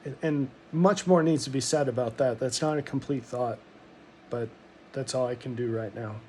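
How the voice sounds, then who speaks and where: A man's voice: medium pitch, normal speed, dark tone, a little hiss or hum. A middle-aged man from Montana telling a personal story in a rambling, reflective monologue, full of ums and restarts.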